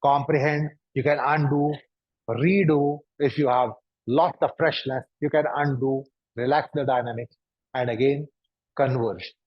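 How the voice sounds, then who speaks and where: This yoga instructor has a mid-range, steady voice and speaks a little slowly. He guides students through poses while pressing them with repetitive, probing rhetorical questions. The recording is dry, dull and lo-fi.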